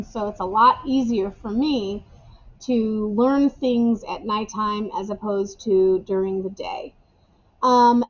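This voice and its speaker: Chatty woman teacher, muffled lo-fi sound. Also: fairly high pitch. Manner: casual, chatty, repeats key phrases. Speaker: English teacher. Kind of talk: recorded class instructions for remote students. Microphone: webcam or camera microphone.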